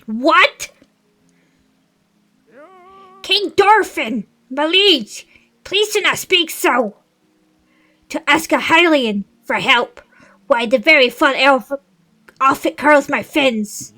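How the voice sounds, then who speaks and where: A woman voicing an indignant older male fish-folk advisor from a video game, speaking higher and louder than her own voice. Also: lively intonation, takes it slowly, full character voice. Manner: huffy, indignant exclaiming. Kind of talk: reading video game dialogue aloud.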